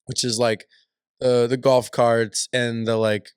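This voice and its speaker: A man's voice: medium pitch, flat delivery, takes it slowly, clean tone, no echo. A young man from Alaska, a musician guest, chatting in a dry, joking way with lots of restarts. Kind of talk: casual interview chat.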